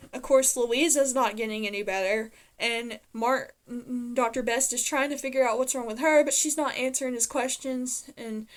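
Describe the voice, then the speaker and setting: A woman with a slightly high-pitched voice recaps a TV episode in a relaxed, chatty way. She retells scene after scene, quoting the characters as she goes. Her talk is full of fillers and quick self-corrections. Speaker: TV episode reviewer.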